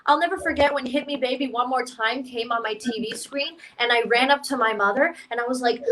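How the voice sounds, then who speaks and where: A young woman from Canada doing a stand-up comedy set for an online stream, with a deadpan, self-mocking delivery. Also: high voice, fairly quick, few pauses, rough recording.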